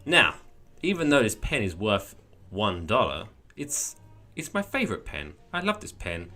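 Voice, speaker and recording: A man co-hosting a podcast, talking in a rambling, animated, storytelling way. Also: fairly low pitch, unhurried, faint music behind. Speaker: podcast co-host. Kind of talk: casual chat.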